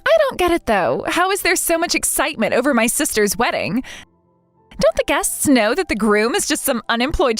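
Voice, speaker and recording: Spiteful younger sister, voiced by a woman, sneering, condescending, high voice, lively swooping delivery, dry close sound. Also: no echo. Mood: incredulous. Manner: sneering, condescending, laughs at others. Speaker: wedding guest refusing to attend. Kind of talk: text-message story voice acting.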